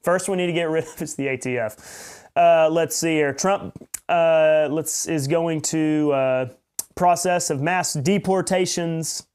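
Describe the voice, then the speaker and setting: A man hosting a podcast, reading news pieces aloud and breaking off into sarcastic, mocking asides, often halting and repeating himself. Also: on the high side, steady tone, a little mellow, clear, resonant tone. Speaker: podcast host.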